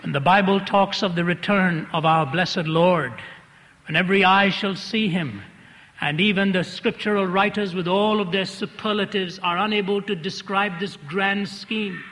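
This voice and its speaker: Bright-voiced preacher telling a story. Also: male voice, high-pitched, steady tone, moderate pace, few pauses, slight background noise. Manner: vivid storyteller, repeats phrases for effect. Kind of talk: sermon storytelling. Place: large hall before an audience. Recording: long reverb of a large hall.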